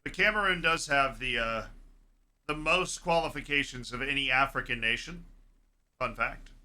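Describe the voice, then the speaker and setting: A young man streaming a live football watchalong, chatting casually and reacting excitedly to the play. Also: mid-range voice, moderate pace. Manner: chatty, excitable, yells at big plays.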